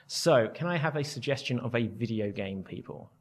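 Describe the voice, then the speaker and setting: A man hosting a live improv comedy show, giving brisk, cheerful prompts. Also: mid-range voice, animated.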